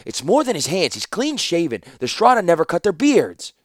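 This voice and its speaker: A man voicing a shaken young man who bursts out loudly and insistently in an audiobook. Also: mid-range voice, expressive, moderate pace, no echo, studio quality, voice pushed up, close to an everyday voice. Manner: loud, insistent outbursts. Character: shaken young man, frantic and half-mad with shock. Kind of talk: audiobook character voice.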